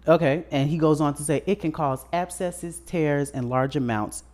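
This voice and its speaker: A man's voice: on the high side, moderate pace, a little mellow. A man co-hosting a podcast in a casual chat, telling a story bluntly with crude slang. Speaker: podcast co-host.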